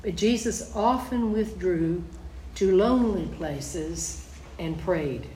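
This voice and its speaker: A woman's voice: fairly low pitch, expressive, takes it slowly, warm tone, a little hiss or hum. A woman teaching a Bible study, reading scripture aloud and then explaining it in plain, conversational asides. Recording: echoey room.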